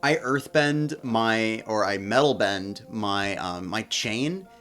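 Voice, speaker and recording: A man's voice: fairly low pitch, takes it slowly, a bit bright, faint music behind. A man playing a tabletop game who is talkative and playful, often speaking in character. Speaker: player. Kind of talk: casual tabletop play.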